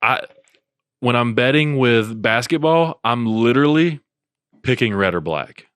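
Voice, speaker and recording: A young man co-hosting a podcast in casual chat, low-key and laid-back, often trailing off. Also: animated, measured pace, fairly bright tone, smooth, no echo, studio quality. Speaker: podcast co-host.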